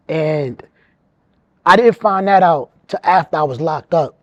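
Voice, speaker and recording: A man around forty, telling his own life story in an animated, streetwise way, often repeating words as he goes. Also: a little high, a little slow, no echo, muffled recording. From New York. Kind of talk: casual storytelling.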